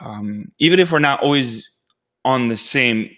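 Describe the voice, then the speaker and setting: Reflective man pastor, halting speech. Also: mid-range voice, a bit bright. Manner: reflective, halting with many restarts. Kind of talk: casual conversation.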